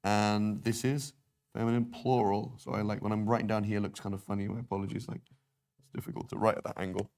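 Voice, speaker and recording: A man with a fairly low voice teaches a classroom grammar lesson. He explains patiently and keeps checking in with his students as he writes at the board. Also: little pitch movement, quick pace, vocal fry, darkish tone. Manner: explains patiently, repeats and checks with "right?" and "okay?". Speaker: Arabic teacher. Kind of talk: classroom lesson on verb conjugation.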